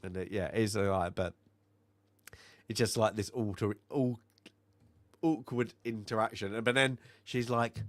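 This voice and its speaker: A man co-hosting a film review podcast, recapping scenes in a rambling way with many fillers and quick bits of mimicry. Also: lowish voice, fairly even intonation, no room sound. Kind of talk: casual chat.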